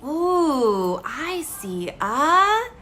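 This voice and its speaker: Pitched high and very animated, her voice stretches words out and sounds pushed and bright. As a speech therapist guiding little children through a word lesson, she exaggerates her encouraging sing-song, gasps frequently, and models words deliberately.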